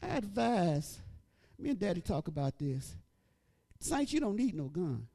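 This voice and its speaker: Her sermon starts quiet and low before swelling into shouted, chant-like phrases repeated in rhythm. The woman's voice is gravelly, swings widely in pitch, and moves a little slowly.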